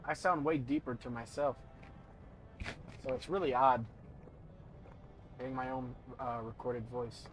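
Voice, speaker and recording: A man's voice: medium pitch, steady tone, a little slow, long pauses, over music. A young man streaming a video game, rambling through gear stats and joking about his own voice as he talks to chat. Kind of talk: casual gameplay commentary. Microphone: studio desk mic.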